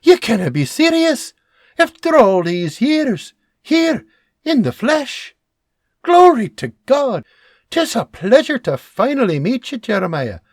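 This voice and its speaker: A gushing young mother, put on by a man in a high, husky voice. Her pitch leaps about as she exclaims. She is a storybook figure, warm and excitable. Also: moderate pace, few pauses, no echo, studio quality, exaggerated voice.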